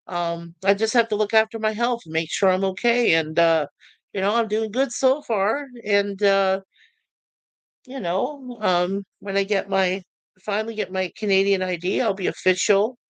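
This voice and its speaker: A middle-aged man hosting his channel, talking to viewers in a halting, emotional way with many restarts and repeated words. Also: high-pitched, no echo, poor audio. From United States. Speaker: YouTube channel host. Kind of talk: emotional personal talk to viewers.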